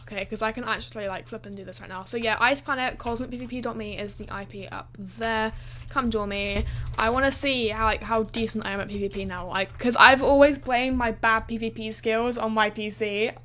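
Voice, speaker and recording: A woman's voice: a little high, fairly even intonation, fairly quick, a bit bright, slight background noise. A woman, livestreaming her gaming in a hyper, chatty way full of fillers. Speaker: gaming streamer. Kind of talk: excited livestream chat.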